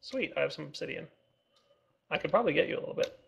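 A man's voice: fairly high pitch, animated, quick pace, vocal fry, dull audio, slight background noise. A man co-hosting a casual game video, upbeat and teasing. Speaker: co-host of a game video series. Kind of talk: casual gameplay chat.

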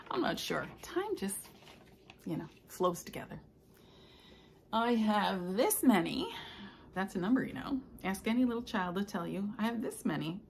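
An older woman, a stitching vlogger, chatting casually and telling rambling stories with soft asides. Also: mid-range voice, vocal fry. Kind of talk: casual chat.

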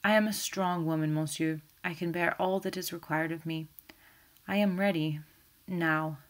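A woman reading the part of a proud, composed middle-aged widow who speaks in a low, restrained tone. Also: fairly even intonation, moderate pace, natural voice. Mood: resolute.

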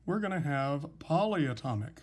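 A man teaching a recorded chemistry lesson, explaining patiently and slowly with some fillers. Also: fairly high pitch, animated, a little mellow, breathy edge. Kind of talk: recorded lecture, writing examples.

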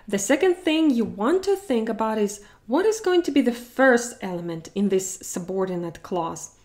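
Female language tutor, unhurried, mid pitch, careful drill-style delivery. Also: darkish tone. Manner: slow, careful modeling of Russian example sentences. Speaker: Russian language teacher. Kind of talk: explaining grammar to learners.

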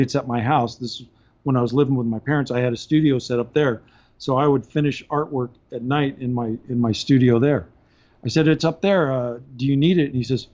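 A man telling long stories on a podcast in a casual, animated way, often laughing as he talks. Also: mid-range voice. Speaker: podcast guest. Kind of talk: casual storytelling. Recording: dull lo-fi podcast audio.

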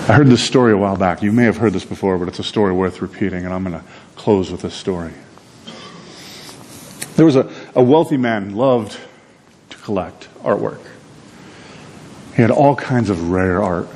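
Low-voiced pastor telling a story. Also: male voice, normal speed, pauses often, a little hiss or hum. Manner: conversational, repeats words, animated. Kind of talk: sermon storytelling.

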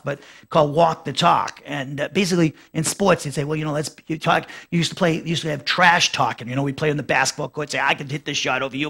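High-voiced man teaching scripture. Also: creaky, fairly bright tone, breathy edge. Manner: rambling, with many fillers and restarts. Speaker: pastor teaching a Bible lesson. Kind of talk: expository Bible teaching.

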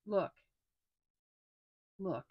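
Lady, middle-aged, gushing over a stationery haul, slow easy talk, dry close sound. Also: no echo, lo-fi sound. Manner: gushing, excitable, often hushed and breathy asides. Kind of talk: casual unboxing chat.

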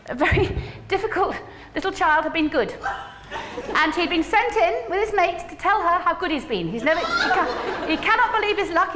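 High-voiced woman giving a hall keynote. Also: background noise. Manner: animated, humorous, coaxing the audience to join in. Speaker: keynote speaker. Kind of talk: conference keynote talk. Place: large conference hall. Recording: echoey hall, faint ambience.

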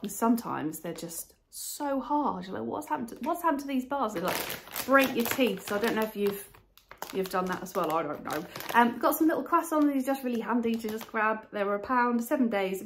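A woman's voice: fairly high pitch, slight background noise. Chatty woman rambling at home. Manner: chatty, rambling, talks to objects and viewers. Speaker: vlogger showing a shopping haul. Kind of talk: casual haul vlog.

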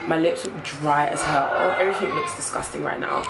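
A woman's voice: deep voice, brisk. A tired young woman in her twenties, chatting casually and expressively to a handheld camera for her vlog. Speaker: vlogger. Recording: loud background noise, passing traffic. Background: loud ambient noise and vehicles.

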